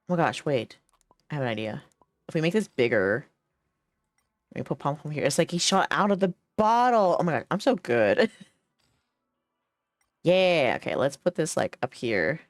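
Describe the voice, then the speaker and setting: A woman's voice: low-pitched, sing-song, normal speed, long pauses, no room sound, studio quality. Giggly, chatty woman streamer. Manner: giggly, chatty, reads dialogue aloud. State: hiccups. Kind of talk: casual game stream commentary.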